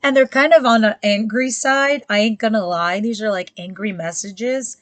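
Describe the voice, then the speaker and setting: A woman's voice: a little high, normal speed, a bit bright, dry recording. A woman giving a casual tarot reading to her viewers, talking bluntly and chattily with frequent asides. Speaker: tarot reader.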